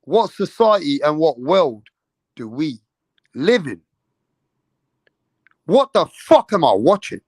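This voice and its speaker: A man's voice: a little high, big pitch swings, takes it slowly, long pauses, a little mellow, slightly rough, no echo. A man, a boxing channel host, ranting indignantly in heated casual commentary with heavy swearing.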